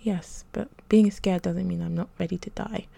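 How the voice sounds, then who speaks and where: A woman voicing a frail, sick young girl who speaks softly and breathlessly, half in a whisper. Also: lowish voice, fairly even intonation, normal speed, gravelly, no echo. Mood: whispery.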